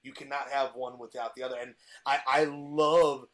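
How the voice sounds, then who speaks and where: A man's voice: medium pitch, steady tone, moderate pace, fairly bright tone. A man in casual podcast chat, eagerly retelling a TV plot with frequent restarts. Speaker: podcast guest presenting a TV villain.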